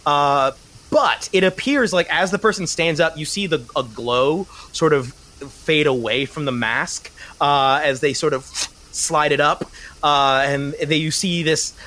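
A man's voice: a little high, a little slow, pushed and bright. A man narrating as game master of a tabletop game, rambling with many fillers.

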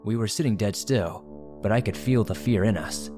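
Low-voiced man narrating horror stories. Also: moderate pace, music in the background.

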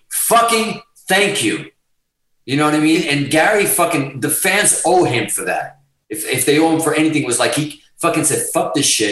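A man telling stories in casual podcast chat, profane and animated as he talks. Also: fairly high pitch, roomy sound, poor audio. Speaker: guest guitarist.

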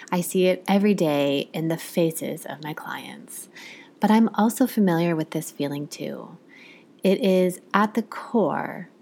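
A woman's voice: lowish voice, darkish tone. A woman in her thirties, a psychologist hosting a podcast, talking candidly in a confiding, reflective way. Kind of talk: personal reflective podcast talk.

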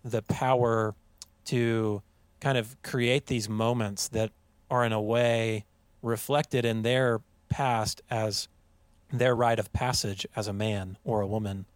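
A man's voice: fairly low pitch, steady tone, clear, resonant tone, no room sound. Reflective man with a dry, close sound. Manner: reflective, thinks aloud with halting restarts. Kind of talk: casual interview chat.

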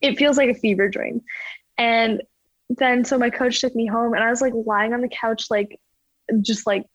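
A woman's voice: fairly high pitch, fairly even intonation, moderate pace, no room sound, dull audio. A young woman athlete telling stories in a casual interview, rambling with lots of "like" and laughing as she goes. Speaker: ski jumper guest.

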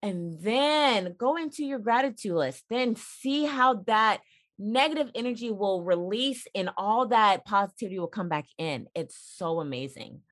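A mother sharing her views as a podcast guest, earnest and encouraging in tone. Her voice is of medium pitch and conversational. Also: animated, normal speed, fairly bright tone. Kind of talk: casual chat.

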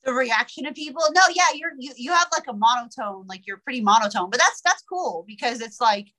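A woman's voice: fairly high pitch, animated, brisk, pushed and bright. Blunt, candid young woman rapper. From United States. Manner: blunt and candid, swears freely, laughs often. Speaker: rapper guest. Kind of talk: casual interview chat.

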